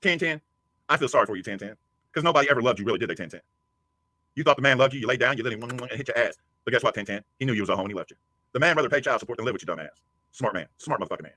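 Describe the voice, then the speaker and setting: A man's voice: mid-range voice, animated, racing, pushed and bright, dry recording. A man delivering a profane, aggressive rant at a rival streamer, hurling insults. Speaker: livestreamer. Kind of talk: angry rant.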